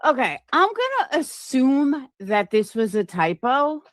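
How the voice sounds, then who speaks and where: A woman streamer talks back at a clip in casual, blunt commentary, swearing without a pause. Her voice swings lively up and down in pitch. The sound is dry and close to the mic. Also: dry recording. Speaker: streamer reacting to clips.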